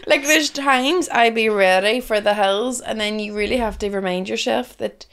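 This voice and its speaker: A woman's voice: on the high side, normal speed, a bit bright. A woman in her thirties with a Northern Irish accent, co-hosting a podcast, talking frankly with lots of restarts and swearing. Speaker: podcast co-host, comedian. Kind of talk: casual chat.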